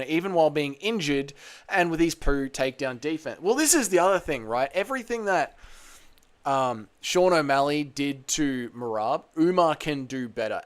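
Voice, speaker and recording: A man's voice: on the high side, smooth, dry recording. An Australian man hosting a livestream, reading viewer comments aloud and answering them in casual, bantering chat from a room at home. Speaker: podcast host. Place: home room with balcony window open.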